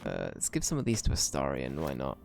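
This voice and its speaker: A man's voice: rumbling low, wildly swooping pitch, a little fast, gravelly, darkish tone. A man streaming a video game, chatting in a laid-back, rambling way and swearing freely. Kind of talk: casual gameplay commentary.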